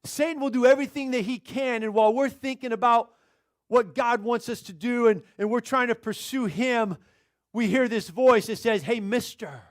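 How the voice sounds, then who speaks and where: A male pastor preaching a sermon, telling a story in an animated, chuckling way. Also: very high-pitched, moderate pace.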